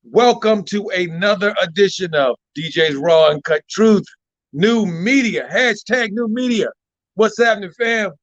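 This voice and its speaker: A man hosting a live stream, excitable, shouting out viewers and repeating his phrases. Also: high voice, unhurried, no room sound, dull audio. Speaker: livestream host. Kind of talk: hyped live stream chat.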